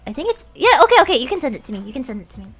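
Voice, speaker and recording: A woman streamer chatting casually while she plays, excitable and quick to laugh. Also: high-pitched, over music. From United States. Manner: giggly, excitable, laughs often. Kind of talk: casual chat while gaming.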